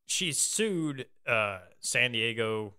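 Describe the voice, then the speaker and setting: A man's voice: mid-range voice, expressive, drawn-out words, bright, forceful tone, clean tone. A young man hosting a podcast in casual chat, rambling through a story with loose, swearing banter. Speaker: podcast host.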